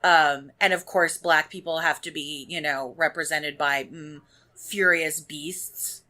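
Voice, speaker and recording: A woman co-hosting a casual fan podcast, her voice low-set but bright and forward. She rattles along in chatty asides with her co-hosts. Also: steady tone. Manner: chatty, quick asides and laughs. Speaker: podcast co-host. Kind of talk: casual chat.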